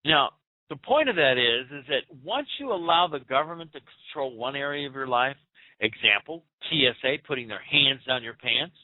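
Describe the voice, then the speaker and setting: A man's voice: mid-range voice, animated, normal speed, dry recording. A man hosting a talk radio show, delivering a fired-up, preachy political monologue with rhetorical questions. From United States. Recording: tinny phone-like audio.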